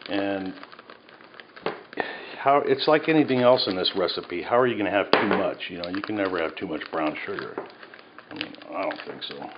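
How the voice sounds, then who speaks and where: A man cooking at home and talking casually, rambling with self-mocking jokes as he goes. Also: low-pitched. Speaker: home cook. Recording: dull sound, faint background noise.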